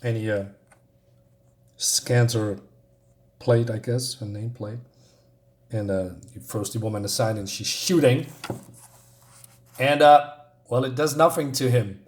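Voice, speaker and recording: A man's voice: mid-range voice, a little slow, long pauses. Hesitant man casually reviewing a comic. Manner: hesitant, many fillers and restarts; enthusiastic about the art and pace.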